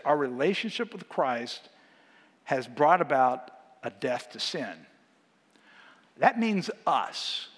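A man giving a sermon as guest preacher, speaking in a conversational, animated way and often asking the congregation questions. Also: on the high side. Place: church sanctuary. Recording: long hall reverb.

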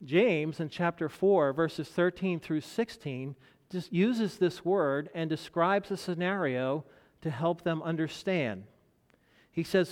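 A man with a fairly high voice delivers a sermon at an unhurried, deliberate pace. He leans into key phrases with rising emphasis and lets pauses hang. His voice carries through the long reverb of a large hall. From United States. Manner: measured preaching with dramatic pauses and rising emphasis. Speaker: pastor.

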